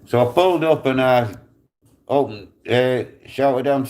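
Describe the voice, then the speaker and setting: A man's voice: medium pitch, measured pace. A man, telling a blunt, profane story on his live stream. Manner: blunt, heavy swearing, animated retelling.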